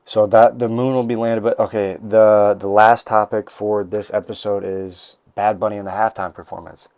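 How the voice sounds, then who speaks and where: A man's voice: lowish voice, little pitch movement, moderate pace, darkish tone, no room sound, studio quality. A young man hosting a casual comedic podcast monologue, rambling and jokey with lots of restarts. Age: young adult. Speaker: podcast host. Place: college bathroom. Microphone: desk mic.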